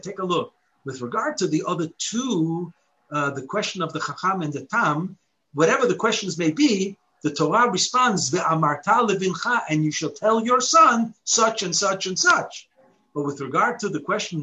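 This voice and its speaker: A man teaching a Torah lesson in a high, bright voice that rises and falls with great liveliness. He recites Hebrew verses and poses rhetorical questions, building his explanation step by step. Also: poor audio.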